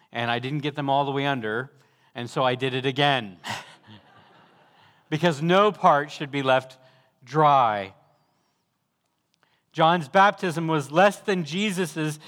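Fervent high-voiced male preacher in a hall. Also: fairly bright tone. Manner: fervent preaching, building to emphatic repeated calls. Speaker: pastor. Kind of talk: sermon.

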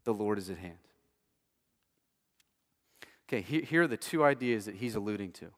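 A man's voice: mid-range voice, a bit bright. A man preaching a sermon in a casual, conversational way, often restarting phrases and checking in with "right?". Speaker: pastor. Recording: long hall reverb.

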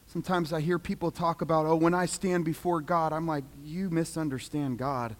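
A man preaching a sermon, dramatic, swinging from loud pleading to hushed quiet. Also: a little high, level tone, brisk. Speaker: pastor. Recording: long reverb of a large hall.

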